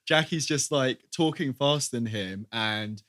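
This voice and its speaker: A man's voice: medium pitch, measured pace, a loud crowd. A man co-hosting a casual podcast, retelling scenes eagerly, laughing often and finishing his co-host's sentences. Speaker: podcast co-host.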